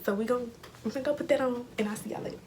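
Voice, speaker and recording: A woman's voice: on the high side, very fast. A young woman vlogging casually, chatty and slangy, talking straight to her viewers while she walks around outdoors and drives, filming on a phone at arm's length. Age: young adult. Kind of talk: casual vlog to camera. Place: outdoors on city streets and in a car. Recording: noisy street recording with traffic.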